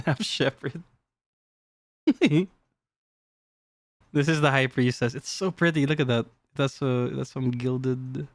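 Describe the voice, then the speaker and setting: A man streaming live, chatting casually with his chat while showing cards, playful and quick to laugh. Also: mid-range voice, dry recording. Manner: playful, giggly, talks to chat. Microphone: desk mic.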